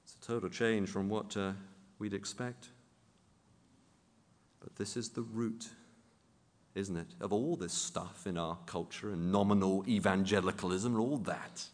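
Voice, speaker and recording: A man's voice: fairly low pitch, measured pace, pauses often. A man preaching a sermon in a church, emphatic and building to fervent peaks. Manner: emphatic, rising to fervent intensity. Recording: long hall reverb.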